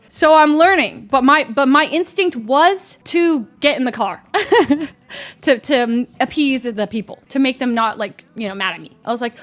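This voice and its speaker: High-voiced animated young woman streamer. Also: a little fast. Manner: animated, laughs often, mimics others loudly. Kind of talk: casual storytelling chat.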